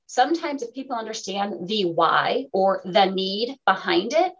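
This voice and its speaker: A woman hosting a radio talk show in casual chat, animated and laughing, acting out quotes. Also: mid-range voice, measured pace, lo-fi sound.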